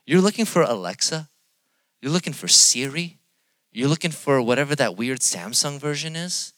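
A young adult man preaching a sermon, swinging between loud emphatic passages and quiet joking asides. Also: on the high side, animated, moderate pace, no echo. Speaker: pastor.

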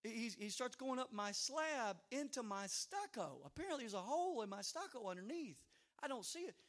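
A middle-aged man preaching as pastor, telling stories with humorous asides and sudden loud outbursts. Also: very high-pitched, lively intonation, moderate pace. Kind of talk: sermon.

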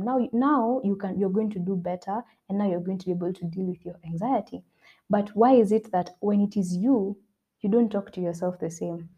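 A woman's voice: medium pitch, mellow. Earnest young woman giving self-help advice. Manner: earnest, repeats points for emphasis. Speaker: podcast host. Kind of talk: motivational self-help talk.

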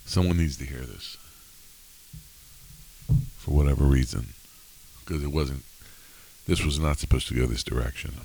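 Deep-voiced earnest podcast man. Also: normal speed, long pauses, a little mellow, slight background noise, rough recording. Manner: earnest, emphatic, heartfelt. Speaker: podcast co-host. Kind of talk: faith podcast conversation.

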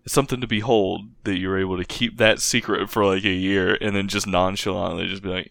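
Gravelly low-voiced young man. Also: flat delivery, fast talker, hardly any pauses, a bit bright, no room sound. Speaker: podcast co-host. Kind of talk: casual chat.

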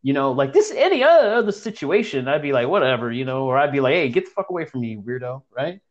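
A young man retells a story in loose, profane slang, his pitch leaping up as he acts out the moments. He talks casually, as if to friends, piling up fillers and asides. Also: sing-song, fast, muffled recording.

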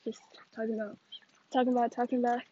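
High-voiced young woman rambling on a walk. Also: level tone, quick pace, warm tone, dull audio, a little hiss or hum. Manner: rambling, gossipy, filler-heavy. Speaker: vlogger. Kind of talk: casual fake phone chat while walking. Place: outdoors on a neighborhood walk with a dog. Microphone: phone held while walking.

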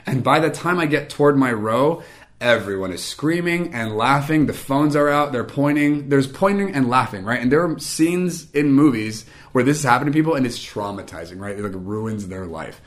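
A man's voice: mid-range voice, expressive, normal speed. A young man telling a personal story in a casual, chatty way, with lots of fillers and self-mocking humor.

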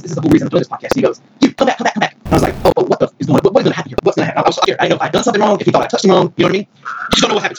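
A man from Mississippi, telling a story as a podcast guest, rambling and excited with many restarts. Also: fairly high pitch. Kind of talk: casual storytelling. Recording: noisy recording.

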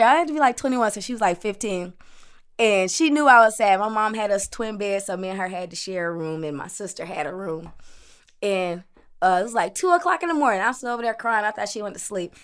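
A woman telling family stories in a casual interview, animated and quick to laugh. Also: mid-range voice, smooth. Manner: animated, lively, laughing as she talks. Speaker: interviewee, aunt.

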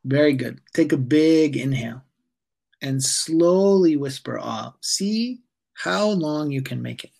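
Gravelly, husky-voiced man, calm and halting. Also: on the high side. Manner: calm, halting with many fillers and restarts. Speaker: yoga teacher, guest. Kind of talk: conversational interview, guiding a breathing exercise.

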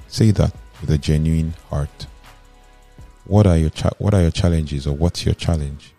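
A man's voice: very deep voice, gravelly, mellow. A man gives an earnest self-help talk point by point, sometimes restarting words mid-sentence. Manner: earnest, advising, numbered points. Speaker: motivational speaker. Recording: faint music underneath.

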